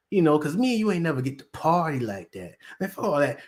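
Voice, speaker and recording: Speaking briskly with few pauses, this commentary host has a slightly high, sing-song voice. His casual, slangy monologue wanders as he imitates the people he's quoting.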